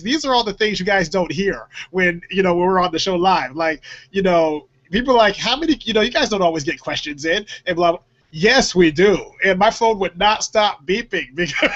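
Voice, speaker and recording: High-pitched man rambling on a talk show. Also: a bit bright. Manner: rambling, laughs often, many fillers. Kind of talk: casual talk-show chat. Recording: dull lo-fi audio.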